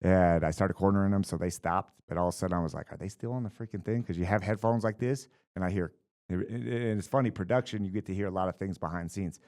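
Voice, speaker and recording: A man, a fight coach being interviewed, telling stories in a casual, animated way and acting out what others said. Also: sits low, fast talker. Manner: animated storyteller acting out quotes with fillers. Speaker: boxing and MMA coach, guest.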